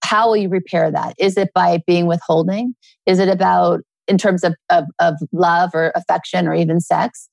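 Creaky-voiced woman telling stories earnestly. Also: on the low side, steady tone, moderate pace, darkish tone, no echo. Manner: earnest, storytelling with acted quotes. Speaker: guest author. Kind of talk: relaxed interview conversation.

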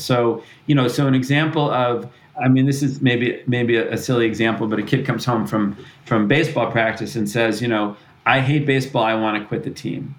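Male author guest, mid-pitched, earnest explainer who restarts sentences a lot. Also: rough recording. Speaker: author and parenting expert guest. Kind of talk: interview answers.

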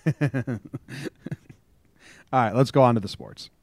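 A man's voice: mid-range voice, takes it slowly, dry recording. A man co-hosting a podcast, telling stories in a rambling, chuckling, casual way. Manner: rambling storyteller, chuckles often. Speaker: podcast co-host. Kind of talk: casual chat.

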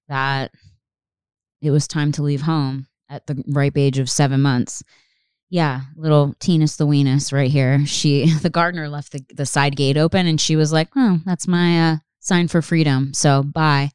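Low-voiced young woman, rambling podcast chat. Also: darkish tone, clean tone, no echo, studio quality. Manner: rambling, swears freely, many fillers and restarts. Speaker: podcast host. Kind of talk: casual solo podcast chat.

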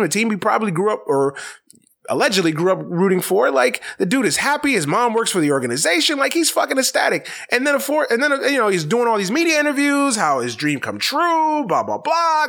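A man rants on a sports talk show. He is exasperated and profane and keeps repeating himself. His pitch swings widely up and down as he talks. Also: sharp tone. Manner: exasperated, profane, repetitive ranting. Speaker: sports podcast host. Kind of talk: casual sports rant.

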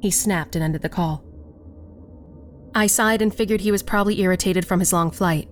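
Casting: female horror narrator, lower voice, unhurried and measured, faint music underneath. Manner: slow, measured storytelling. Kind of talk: scripted horror story narration.

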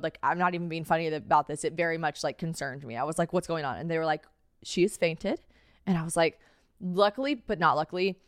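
A woman's voice: on the low side, smooth, dry recording, studio quality. A young woman hosting a solo podcast, telling a story in a chatty, profane way with lots of filler words and dramatic quoted voices. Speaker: podcast host.

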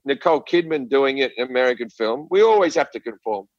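A man's voice: medium pitch, lively intonation, fast talker, no echo, highs cut off. A middle-aged Australian man on a podcast, ranting and swearing with lots of stammered restarts. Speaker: guest comedian. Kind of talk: casual podcast chat.

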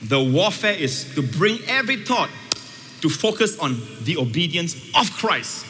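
A high-voiced, bright male preacher delivering a sermon in a large hall with a long reverb tail. He swings emphatically between ringing peaks and quiet, low asides. Faint ambience lingers behind him. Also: big pitch swings, unhurried, slight background noise. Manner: emphatic, with sweeping shifts between loud highs and quiet lows. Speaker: pastor.

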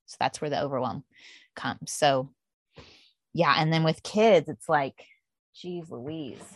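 Lively mom talking with a low voice. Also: female voice, slow pace, dry recording, studio quality. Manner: animated, acts out her own inner thoughts in quotes. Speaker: guest author, mother. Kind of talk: podcast conversation.

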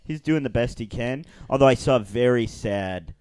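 A man co-hosting a crude comedy podcast, joking in a deadpan, mock-formal way. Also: medium pitch, moderate pace, clear, resonant tone, no echo. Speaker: podcast co-host.

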